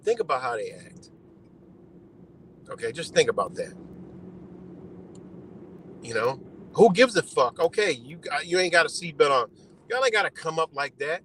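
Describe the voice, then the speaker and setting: A man's voice: on the high side, big pitch swings, moderate pace, long pauses, a bit bright, a little hiss or hum, low-quality recording. A man ranting on a live stream in a heated, profane way, repeating his points and tagging them with "you know". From United States. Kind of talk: casual rant on a live stream.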